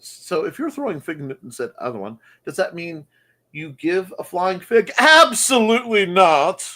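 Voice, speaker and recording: A man's voice: on the high side, big pitch swings, normal speed. A man hosting a casual morning chat show, joking and riffing on viewer comments in a goofy manner. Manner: goofy, jokey, mock-announcer asides.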